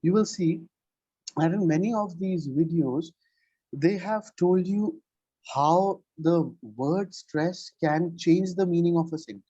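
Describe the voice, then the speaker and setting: A man's voice: fairly high pitch, takes it slowly, dark tone, no echo, highs cut off. A man giving a one-on-one English lesson over a video call, explaining patiently and checking in with "right?" after nearly every point. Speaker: English tutor.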